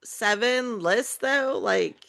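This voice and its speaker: Giggly woman cohost, high lively voice, bright tone. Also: slow pace, no echo. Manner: bubbly, giggly. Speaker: podcast co-host. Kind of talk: casual chat.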